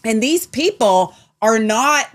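A woman co-hosting a casual chat show, rambling and animated, sometimes dropping to a low mutter. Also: takes it slowly. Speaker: co-host.

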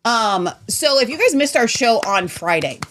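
A woman's voice: moderate pace, slight background noise. Rambling chatty woman co-host. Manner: animated, rambling, sometimes drops to low mutter. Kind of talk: casual political chat show.

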